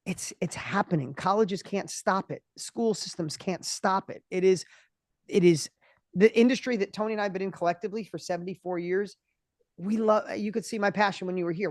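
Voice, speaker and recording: A man in his fifties, a guest entrepreneur in an interview, talking with passion and often restarting his words when excited. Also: sits high, dry recording, studio quality. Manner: passionate, acts out other people's voices in quick bursts. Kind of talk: energetic interview conversation.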